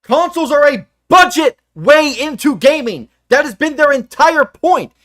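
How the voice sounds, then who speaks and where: A young man co-hosting a livestream, ranting in casual chat with profane, animated outbursts. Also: very high-pitched, normal speed, dry recording, studio quality. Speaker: livestream co-host.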